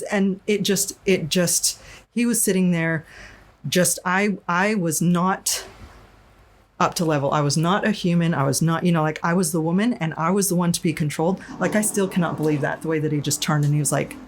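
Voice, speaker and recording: A woman's voice: lowish voice, fairly quick. A woman from Arizona, a podcast guest, telling a personal story in a candid, frank way, with many restarts and some swearing. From Arizona, USA. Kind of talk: casual storytelling interview.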